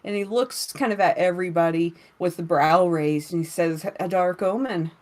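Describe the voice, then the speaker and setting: A woman's voice: on the low side, normal speed. Woman game master narrating casually. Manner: casual, relaxed, many fillers.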